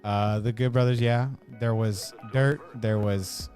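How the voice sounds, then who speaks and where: A man's voice: lowish voice, fairly even intonation, darkish tone, faint music behind. Easygoing man chatting on a podcast. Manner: casual, recaps events in quick lists. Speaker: podcast co-host. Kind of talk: casual chat.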